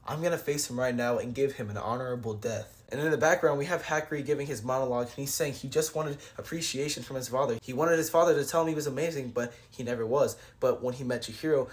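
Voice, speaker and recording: A man recapping and reviewing a manga chapter in a casual, slangy way, paraphrasing the characters' lines as he goes. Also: medium pitch.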